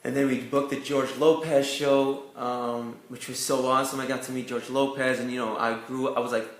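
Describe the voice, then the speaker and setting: A man's voice: mid-range voice, flat delivery, moderate pace, echoey room. A young man from Canada, an actor telling his career story in a casual interview, full of "like" and "you know". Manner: chatty, lots of "like" and "you know" fillers. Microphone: video call.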